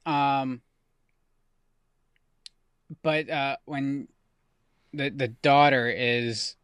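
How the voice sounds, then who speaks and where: A man's voice: a little high, fairly bright tone, smooth, dry recording, studio quality. A man in his thirties co-hosting a casual podcast chat, rambling and often restarting his sentences. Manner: rambling, self-correcting. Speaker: podcast co-host.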